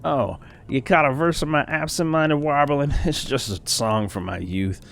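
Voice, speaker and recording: Old male tinkerer, put on by a male gamer: absent-minded, trailing off mid-thought, pitched up. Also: normal speed, creaky, a bit bright, a little hiss or hum. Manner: mumbling, forgetful, trailing off.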